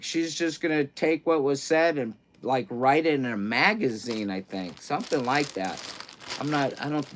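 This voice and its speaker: A middle-aged man talks at an easy, drawn-out pace on his livestream, his voice sitting at an ordinary middle pitch. He rambles in a loose, self-mocking way as he unpacks clothes and answers chat. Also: slight background noise. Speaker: livestream host. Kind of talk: casual live-stream chat, unboxing clothes.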